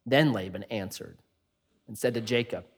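A man preaching a sermon, switching between loud, emphatic passages and hushed ones. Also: on the low side, moderate pace, breathy edge. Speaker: pastor. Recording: long hall reverb.

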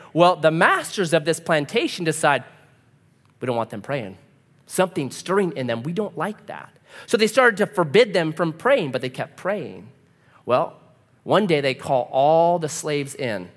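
A man's voice: on the high side, long reverb tail. A man preaching a sermon as a pastor, telling stories vividly and acting out the voices in them. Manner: animated storytelling, acts out quoted voices.

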